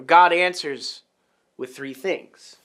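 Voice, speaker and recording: A man's voice: fairly high pitch, slow, a bit bright. A man preaching a sermon, teaching earnestly and restarting his phrases. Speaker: pastor.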